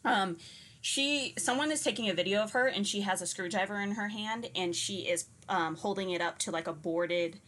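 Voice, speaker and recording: A woman co-hosting a casual podcast, telling stories in an animated, blunt way and laughing often. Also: medium pitch, normal speed. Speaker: podcast co-host.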